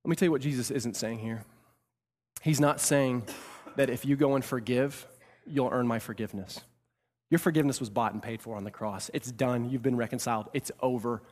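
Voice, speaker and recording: A man's voice: medium pitch, brisk. Man preaching in a reverberant hall. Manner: swings from loud emphatic bursts to hushed, soft delivery; repeats phrases for emphasis. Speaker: pastor. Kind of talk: sermon. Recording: long reverb of a large hall.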